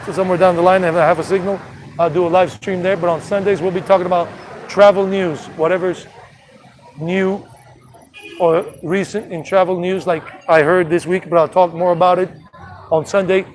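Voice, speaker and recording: A man's voice: high voice, slight background noise. A man hosting a casual travel live stream from an outdoor city street, talking loosely and restarting sentences often into a phone held at arm's length. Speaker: travel vlogger.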